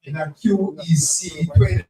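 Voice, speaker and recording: A man, hosting a live spelling game at an event, brisk and teasing, repeating each word. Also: a little high, steady tone, dark tone. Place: event venue with crowd. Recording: echoey, distant from the mic.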